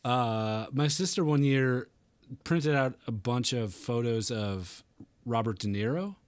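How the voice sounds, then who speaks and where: A young man hosting a casual gaming podcast, joking around in a relaxed way and laughing often. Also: medium pitch, slow pace, smooth, dry recording. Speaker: podcast host.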